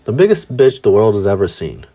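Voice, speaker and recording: A man's voice: fairly low pitch, very animated, a little fast, dark tone, breathy edge. A man voicing a hot-tempered teenage boy in a fan story, speaking bluntly and insultingly. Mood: scornful.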